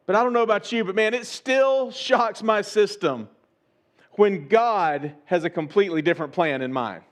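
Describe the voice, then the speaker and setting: High-voiced man preaching a casual sermon. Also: normal speed. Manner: conversational preaching with rhetorical questions and repeated phrases. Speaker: pastor. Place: church service.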